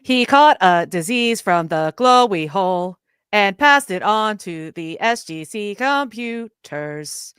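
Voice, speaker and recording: Woman imitating a robot computer entity, slow, mechanical, smooth, dry room. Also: mid-range voice, lively intonation, a bit bright, no echo. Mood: menacing. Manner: slow, deliberate, mechanical delivery. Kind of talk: podcast impression.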